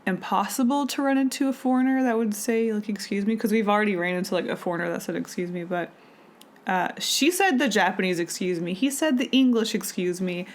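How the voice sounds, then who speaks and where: She's a podcast co-host with a higher-pitched, brisk voice, chatting casually and rambling along with plenty of filler words.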